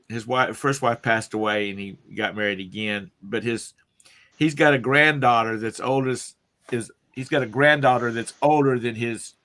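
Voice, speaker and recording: Bright-voiced man teasing in chat. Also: mid-range voice. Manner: teasing, laughs often. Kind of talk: casual chat.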